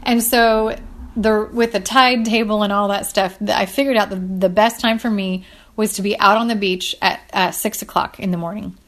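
A woman telling a personal faith story in casual storytelling style, animated and chatty, her voice rising high when excited. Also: moderate pace. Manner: frequent "like" and "you guys".

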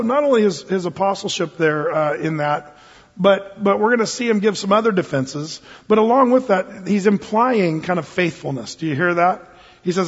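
A man with a high, slightly rough voice preaches a sermon as pastor in a church sanctuary, keeping it conversational and joking. The recording is dull and lo-fi, with hall reverb.

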